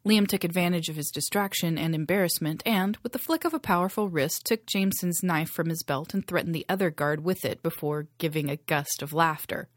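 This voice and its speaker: A woman narrating a novel chapter in a steady storytelling voice. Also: low voice, fairly quick, hardly any pauses, dry recording, clean studio sound. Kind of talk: audiobook reading.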